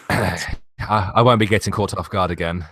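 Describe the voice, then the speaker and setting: A man's voice: deep voice, normal speed, fairly bright tone, breathy edge, no echo. A British man on voice chat, brash and mocking in casual stream banter. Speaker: stream guest. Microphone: online voice chat.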